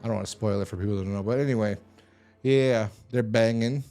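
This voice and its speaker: A man's voice: fairly low pitch, quick pace, mellow, soft background music. A man casually recapping a TV episode, rambling and swearing, with exasperated asides. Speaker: TV episode reviewer.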